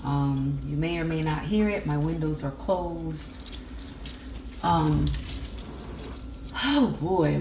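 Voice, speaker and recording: A woman giving a spoken tarot reading at home, musing slowly with soft mm-hmms. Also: sits low, a little hiss or hum. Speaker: tarot reader. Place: indoors at home, windows closed.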